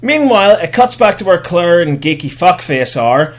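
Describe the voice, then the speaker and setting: Very animated and high-pitched, a young man at normal speed hosts a podcast where he gives a film a sarcastic, profane comedic recap, shifting into mock voices for its characters.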